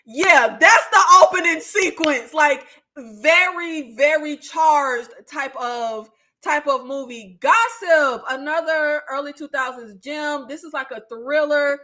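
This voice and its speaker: A woman's voice: high voice, takes it slowly, bright, forceful tone. A young woman, casually chatting through movie recommendations with fillers and laughs. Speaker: movie review YouTuber.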